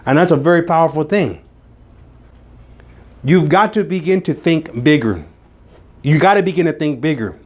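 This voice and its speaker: Male motivational speaker, slightly high voice, emphatic, repeats lines for punch, addressing a room. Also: a little mellow. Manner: emphatic, repeats phrases for effect. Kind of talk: motivational speech to a live audience. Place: meeting room with an audience.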